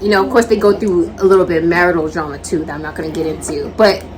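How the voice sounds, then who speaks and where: A woman's voice: on the low side, steady tone, fast talker, a crowd in the background, low-quality recording. A woman co-hosting a casual talk, retelling a story and acting out the characters' lines. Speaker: podcast co-host. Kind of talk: casual anime discussion.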